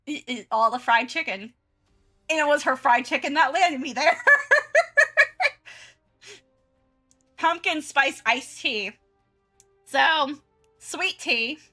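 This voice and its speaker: A giggly young woman chats loosely as she draws on stream, her voice bright and a little high. She restarts often, and faint music plays behind her. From Southern United States. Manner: chatty and giggly, many restarts and fillers. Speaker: art streamer. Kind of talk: casual chat while drawing on stream.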